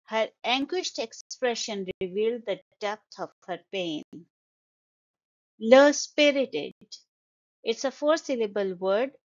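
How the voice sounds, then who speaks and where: A woman's voice: medium pitch, lively intonation, muffled recording. A woman teaching an English vocabulary lesson, carefully sounding out words syllable by syllable. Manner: slow, deliberate, stresses syllables.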